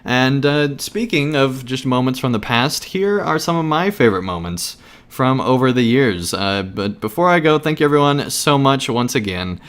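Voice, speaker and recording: A man's voice: medium pitch, expressive, moderate pace, a bit bright. A man giving a casual podcast thank-you message in an earnest, grateful way, with a few fillers.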